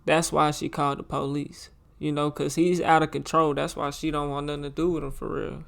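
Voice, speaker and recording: A man hosts a reaction show with a slightly high, smooth, clean voice. He comments on a crime documentary in loose, slangy chat and keeps circling back to the same points. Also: level tone, fairly quick, a bit bright. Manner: loose slangy talk, repeats himself, says "bro".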